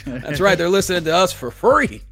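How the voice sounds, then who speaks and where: A man hosting a casual comedy podcast, telling a story in an animated, jokey way. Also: high voice, brisk, gravelly, soft background music. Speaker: podcast host.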